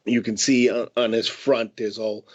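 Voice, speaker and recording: A man's voice: on the low side, flat delivery, measured pace, darkish tone, dull audio. A man running a tabletop horror game, narrating scenes in a hesitant, descriptive way. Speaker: game master.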